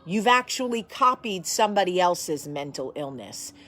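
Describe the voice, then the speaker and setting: A woman's voice: lowish voice, big pitch swings, moderate pace, fairly bright tone, a little hiss or hum. Chatty, blunt woman vlogging from home. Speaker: host. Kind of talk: casual chat to camera.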